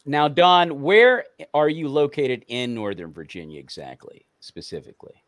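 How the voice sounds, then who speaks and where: A man hosts an online talk show in an upbeat, friendly way. His voice sits at an ordinary middle pitch. The sound is dry and close, and he often repeats words as he restarts his sentences. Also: lively intonation, normal speed, no room sound. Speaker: host.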